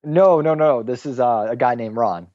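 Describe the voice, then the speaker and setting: A man hosting a relaxed podcast, telling rowdy stories and mimicking the people in them. His voice is mid-pitched, and the recording is dull and dry, with no room sound at all. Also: normal speed, no echo. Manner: animated, profane storyteller who mimics people. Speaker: podcast host. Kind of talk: casual podcast chat.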